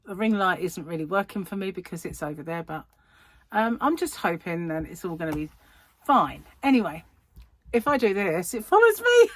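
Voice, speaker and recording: A woman's voice: on the low side, no echo. A middle-aged English woman chatting in a casual vlog, retelling an annoying delivery story with exasperation. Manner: animated, exasperated retelling with laughs. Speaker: crochet vlogger.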